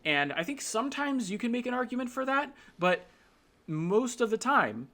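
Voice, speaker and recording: Here the host is a man with a very high, somewhat bright voice and a sing-song lilt, moving at a moderate pace. In this casual explanatory chat he often checks in with tag questions and thinks aloud, full of fillers and restarts.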